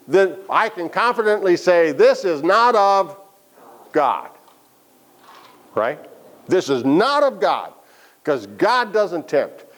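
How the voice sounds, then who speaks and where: Animated man teaching a Bible class. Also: sits high. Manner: lively, asks the class questions, joking asides. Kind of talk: interactive Bible lesson.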